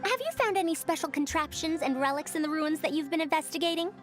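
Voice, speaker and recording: An actress playing a proud, sharp-minded female scholar of old machines in a video game, measured, confident and a bit formal. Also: high voice, soft background music, lightly acted. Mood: curious.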